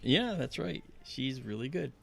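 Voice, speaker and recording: Gravelly man telling a story animatedly. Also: unhurried. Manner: animated storyteller, acts out quotes in high voices. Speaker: livestream host. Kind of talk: casual storytelling chat.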